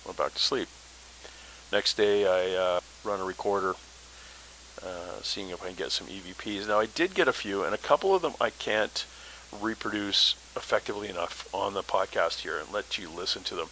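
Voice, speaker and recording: A man's voice: low-pitched, moderate pace, pushed and bright, a little hiss or hum, poor audio. A man hosting a paranormal podcast, telling his story in a casual, rambling way with many fillers.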